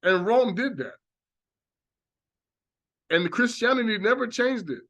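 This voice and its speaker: A man with a notably high voice preaches in a long monologue. He talks animatedly and breaks into acted-out exclamations to make his point. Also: slow pace, highs cut off. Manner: animated, acts out reactions in exclamations. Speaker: religious teacher.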